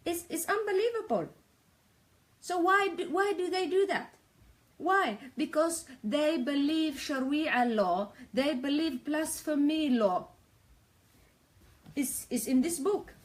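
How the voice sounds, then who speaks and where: A woman's voice: high voice, slow, long pauses. A woman talks earnestly in a live stream. She pleads and repeats her points in English. Her tone is urgent and heartfelt. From Somalia. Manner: pleading, earnest, repeats herself, non-native grammar. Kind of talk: impassioned live-stream commentary.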